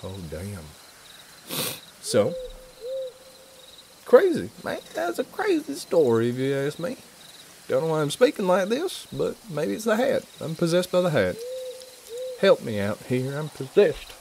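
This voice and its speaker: Man doing a jokey Southern good-old-boy, lively chatty stream host, bouncy delivery. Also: a little high, measured pace, vocal fry, pauses often, a little hiss or hum, voice pushed up, heavily acted. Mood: playful. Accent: put-on American Southern. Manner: playful, self-mocking, chatty. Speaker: livestream host. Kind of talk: casual live-stream chat.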